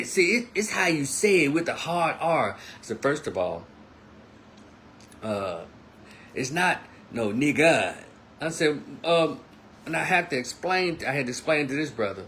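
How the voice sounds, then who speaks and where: Guy ranting casually, tells stories and does the voices, faint hum behind. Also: mid-range voice. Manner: animated storytelling, acts out quotes. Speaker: commentator. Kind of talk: casual monologue.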